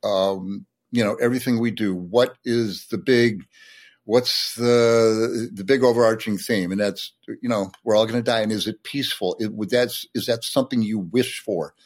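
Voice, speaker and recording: A man's voice: on the low side, steady tone, normal speed. A man, a sportswriter and poet, explaining and reciting a poem with enthusiasm in a podcast conversation.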